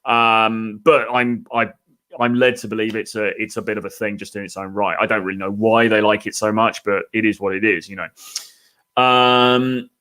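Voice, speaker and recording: A man's voice: fairly low pitch, little pitch movement, moderate pace, pushed and bright, clear, resonant tone. A British man hosting a live Q&A as a dating coach, reading out viewer comments and thinking aloud in a loose, chatty way. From Britain.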